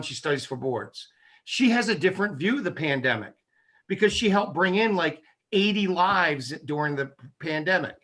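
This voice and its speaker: Bright, forceful male interview guest. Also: fairly high pitch. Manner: emphatic, persuasive, punchy repetition. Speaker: guest, chiropractic neurologist. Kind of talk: casual interview chat.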